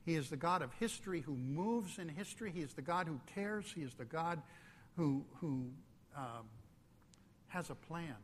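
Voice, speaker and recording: A man preaching a sermon, slow and emphatic, dropping suddenly to a hush. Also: a little high, animated, in a large hall, a little hiss or hum. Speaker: pastor.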